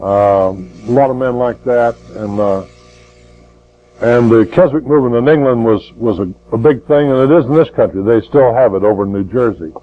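A man's voice: mid-range voice, normal speed, narrow, tinny audio. An older man preaching a sermon in a folksy way, repeating words and rising to fervent emphasis.

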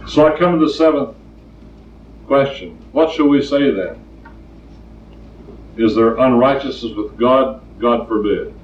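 A man's voice: mid-range voice, unhurried, long pauses. An older man preaching a plainspoken sermon, telling stories and hammering points with repetition. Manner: plainspoken, storytelling, emphatic repetition. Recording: distant roomy lo-fi recording.

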